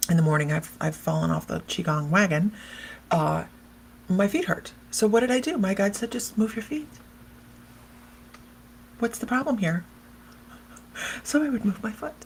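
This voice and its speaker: A woman's voice: mid-range voice, creaky, slight background noise. A woman psychic medium hosting a casual livestream, chatting and rambling, laughing often and talking straight to viewers by name as she reads their comments.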